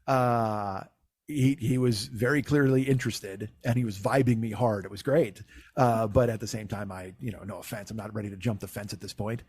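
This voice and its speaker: A man's voice: fairly low pitch, fairly even intonation, fairly quick, darkish tone, breathy edge, no room sound. A middle-aged man hosting a comedy podcast, telling a rambling, profane story and laughing often. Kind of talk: casual storytelling.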